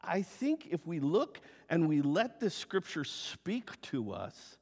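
A man's voice: a little high, slow pace, vocal fry, breathy edge. A man preaching a sermon as pastor in a church, acting out the story's characters. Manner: animated, acts out the story's characters. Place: church sanctuary. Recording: long hall reverb.

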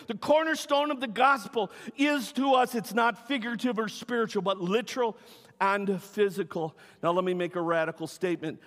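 A man preaches a sermon in a notably high voice, his delivery emphatic and swinging between ringing cries and hushed, gentle talk. The sound carries a long reverb tail, as in a large church sanctuary. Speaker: pastor.

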